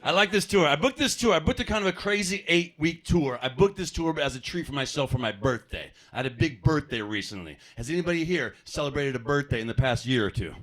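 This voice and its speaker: A man's voice: fairly high pitch, expressive, fast, hardly any pauses, a bit bright. An American man performing a stand-up comedy set, talking conversationally to the crowd with self-deprecating asides. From United States. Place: comedy club stage.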